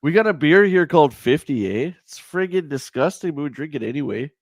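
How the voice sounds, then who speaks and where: A man's voice: a little high, expressive, a little fast, no echo, clean studio sound. A Canadian man with a nasal, stuffy voice, sick, chatting casually as a guest. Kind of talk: casual chat.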